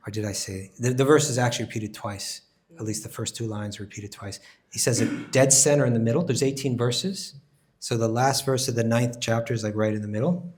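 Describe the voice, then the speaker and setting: A man teaches a scripture class with a mid-pitched voice. He explains with animated emphasis and often restarts phrases while thinking aloud. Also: a little fast.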